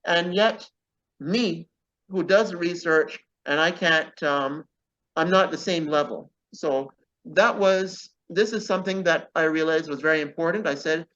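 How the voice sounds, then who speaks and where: In a casual interview, a male author guest speaks earnestly and keeps tagging his points with "okay?". His voice is a little high and fairly bright, his pace moderate, and the audio sounds dull.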